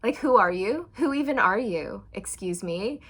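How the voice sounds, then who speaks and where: A woman reading tarot for her viewers. She sounds excitable and encouraging, speaks straight to the viewer, and often breaks into squeals and laughter. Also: medium pitch, a little slow, breathy edge. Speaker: tarot reader.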